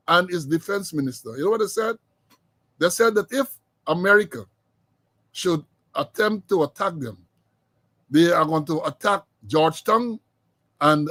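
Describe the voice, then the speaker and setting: A man's voice: a little high, no echo. A middle-aged man hosting a show of political commentary, emphatic and repeating phrases for weight. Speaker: podcast host.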